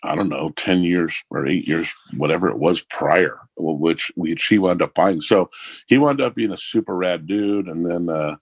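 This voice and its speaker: Low, husky man, casual and profane, dry recording. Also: moderate pace, dry recording. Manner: profane, animated anecdote-telling. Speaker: musician guest. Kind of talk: casual storytelling.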